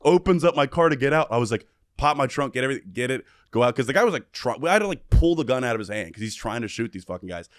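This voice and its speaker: A man telling a story in casual podcast talk, animated and profane, acting out what everyone said. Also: mid-range voice, very fast, few pauses, no room sound, clean studio sound. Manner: animated, profane, acts out quotes. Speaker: podcast guest.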